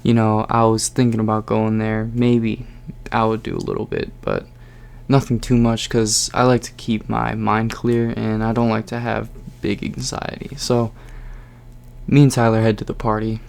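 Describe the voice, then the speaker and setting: A man's voice: lowish voice, normal speed, gravelly, a little mellow, clean tone. A young man telling a personal story in a casual vlog, rambling with lots of fillers.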